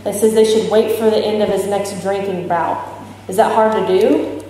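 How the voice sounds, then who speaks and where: A woman's voice: mid-range voice, fairly even intonation, moderate pace, warm tone, slight background noise. A woman speaking candidly to a convention audience, joking and asking them questions. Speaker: speaker sharing recovery experience. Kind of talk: talk at a recovery convention. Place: large hall with audience. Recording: echoey hall from far off.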